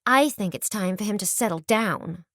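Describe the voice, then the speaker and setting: A woman voicing a fussy, matchmaking society mother who speaks in a lowered, simpering, trilling manner. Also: lively intonation, normal speed, a bit bright, no echo, studio quality. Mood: scheming.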